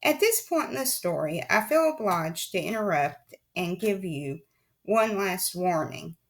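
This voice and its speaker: A woman's voice: fairly low pitch, lively intonation, a little slow. A woman reading a children's novel aloud in a wry, confiding tone, often speaking straight to the listener. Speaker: audiobook reader. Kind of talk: audiobook narration.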